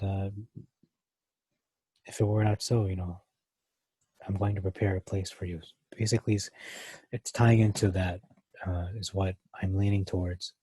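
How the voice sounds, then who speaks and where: A man's voice: lowish voice, mellow, slightly rough, no room sound. A man teaching a verse-by-verse Bible study, thinking aloud with many fillers and restarts.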